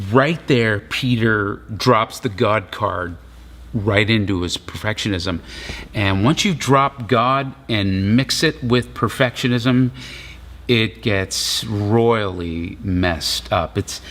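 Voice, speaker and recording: A male pastor giving a sermon, retelling scripture in relaxed, casual storytelling. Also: on the low side.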